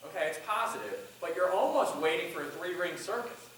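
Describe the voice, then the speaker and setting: A man's voice: high-pitched, brisk, fairly bright tone, slight background noise. Man teaching public speaking in an echoey room. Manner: demonstrative, acts out speech lines. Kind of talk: classroom talk on speechwriting. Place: college classroom. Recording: echoey classroom from far off.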